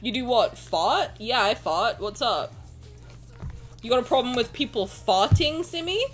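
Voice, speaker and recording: A woman's voice: on the high side, lively intonation, measured pace, soft background music. A young adult woman streamer chatting casually and joking with her viewers, swearing now and then. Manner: joking, swearing, playful banter. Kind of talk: casual livestream chat, reading chat aloud.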